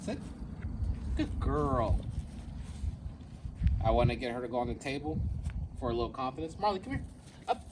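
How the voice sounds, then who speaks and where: A man working as a dog trainer, talking through a casual training demonstration step by step and often checking in with a quick "right?" He is recorded outdoors. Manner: switches to a high squeaky praise voice for the dog. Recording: distant mic with background noise.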